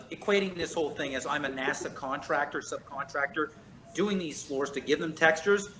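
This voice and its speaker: A man's voice: a little high, pushed and bright, slight background noise, low-quality recording. A man in a casual chat, telling long stories in a profane, emphatic way. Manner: profane, emphatic, fast storytelling. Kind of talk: casual chat, rambling monologue.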